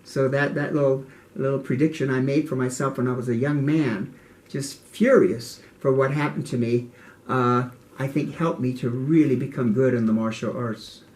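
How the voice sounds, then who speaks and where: An older man telling childhood memories in an interview, earnest and halting, often repeating words. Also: medium pitch, fairly even intonation, a little mellow. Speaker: interviewee, martial arts teacher. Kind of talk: reflective interview storytelling.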